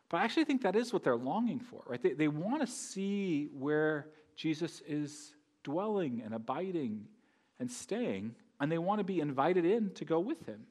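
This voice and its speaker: A man's voice: a little high, sing-song, fairly quick. A man preaching a sermon in a conversational way, often asking the congregation questions. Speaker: pastor.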